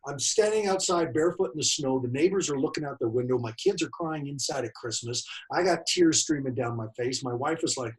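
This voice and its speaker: A man's voice: on the high side, lively intonation, brisk, hardly any pauses, rough recording. A man in his late forties giving a personal motivational talk, emphatic and fond of repeating key phrases. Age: late 40s. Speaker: motivational speaker.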